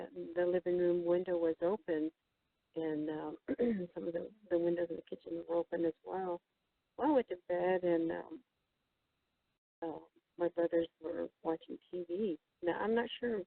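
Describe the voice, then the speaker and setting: A woman guest telling a story in a halting, casual way, with many fillers and restarts as she quotes other people. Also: fairly low pitch, gravelly, no echo. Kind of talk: casual storytelling over the phone. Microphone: telephone. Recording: tinny dry phone line.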